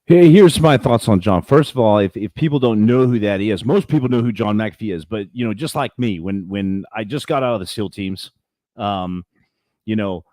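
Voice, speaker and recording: A man's voice: lowish voice, normal speed, no room sound. Rambling male podcast guest, dry sound. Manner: rambling storyteller, animated, acts out quotes. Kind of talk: casual interview. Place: his home.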